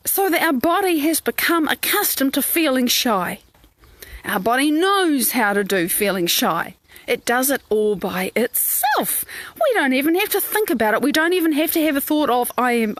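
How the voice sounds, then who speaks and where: A woman's voice: high-pitched, no echo. A woman coach, talking in a live coaching stream, acting out quoted inner voices with lots of expression. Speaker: life coach. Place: outdoors in the sun.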